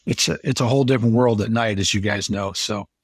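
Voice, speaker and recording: A man's voice: fairly low pitch, fast, breathy edge, no echo. A man, a former police officer and pilot, telling casual anecdotes as a podcast guest with a rambling, restart-filled manner. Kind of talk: casual storytelling.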